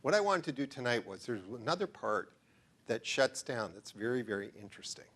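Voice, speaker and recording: A man's voice: medium pitch, big pitch swings, a little fast, fairly bright tone, slightly rough. A middle-aged man giving an enthusiastic, digressive lecture in a room full of listeners, often stopping to ask them questions. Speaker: researcher giving a talk. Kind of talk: lecture to a live audience.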